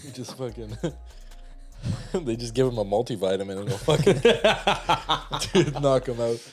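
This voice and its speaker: A man's voice: medium pitch, normal speed, dark tone, faint music behind. A man in his twenties, a podcast co-host, telling a rambling family story in casual chat, laughing often and acting out the people he quotes.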